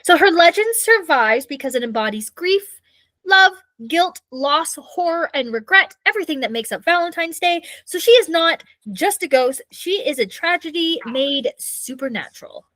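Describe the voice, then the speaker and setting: This is a Canadian woman co-hosting a casual ghost-story podcast. Her voice sits high and swoops up and down a lot. She reads her notes loosely and stumbles over hard names, recorded dry and close. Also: lively intonation, normal speed, a bit bright, no room sound, low-quality recording. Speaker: podcast co-host.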